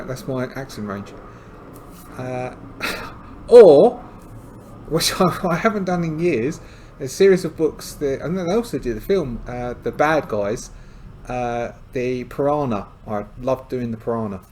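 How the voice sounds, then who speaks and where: A man's voice: medium pitch, lively intonation, unhurried, mellow, a little hiss or hum. A man narrating a solo tabletop game, rambling and hesitant with many fillers and side remarks.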